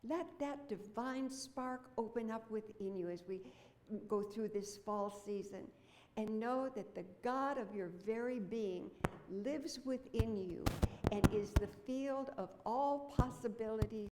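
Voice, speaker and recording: A woman minister giving a sermon in a church, chatty and storytelling, with quick asides. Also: fairly high pitch, darkish tone, echoey room. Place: church sanctuary. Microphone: microphone with feedback.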